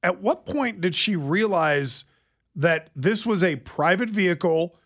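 A man's voice: high-pitched, lively intonation, unhurried, a bit bright. A man co-hosting a radio talk show, cutting in with quizzical questions in casual chat on a studio mic.

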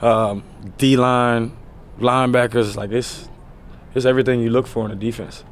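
A man's voice: mid-range voice, normal speed, a little hiss or hum. Laid-back man fielding press questions. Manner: relaxed, loose, full of "you know" fillers. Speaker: pro football player at a press conference. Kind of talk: press conference answers. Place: press conference area.

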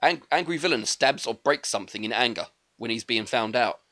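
Man, podcast co-host, quick jokey film chat, bright tone. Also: mid-range voice. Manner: quick, animated, jokey ranting. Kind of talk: casual chat reviewing a film.

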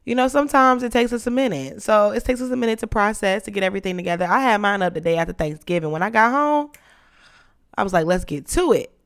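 A young woman hosting a podcast in casual chat, playful and dramatic, her voice lowered and rough from being sick. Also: quick pace. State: sick, voice deeper than usual. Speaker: podcast host.

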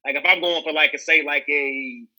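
A young man with a Southern American accent talks through his acting work in a loose interview. His voice is very bright and a bit high, and he rambles, restarting and filling gaps as he goes. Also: fairly even intonation, a little fast, rough recording. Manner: rambling, many restarts and fillers. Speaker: actor guest. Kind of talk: casual interview chat.

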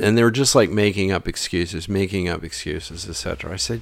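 A man's voice: low voice, moderate pace, dry recording, studio quality. A man telling a personal story in a casual way, acting out the dialogue and dropping to a mutter at times. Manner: animated, acts out dialogue, drops to mutters.

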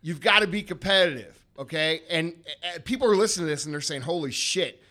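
A man in his thirties hosts a podcast, telling stories with emphatic, profane energy. His voice is bright and forceful, pitched a little high. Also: fast. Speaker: podcast host. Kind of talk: casual podcast chat.

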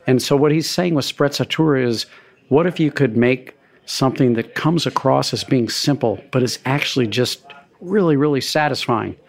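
A middle-aged man, a restaurateur guest, telling relaxed, self-deprecating stories in a conversational interview. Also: medium pitch, normal speed, creaky.

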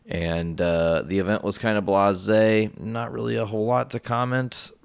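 A man's voice: on the low side, flat delivery, normal speed, vocal fry, clean tone, no room sound. A young man hosting his own show, telling a rambling, profane story in a casual monologue full of asides. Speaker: podcast host.

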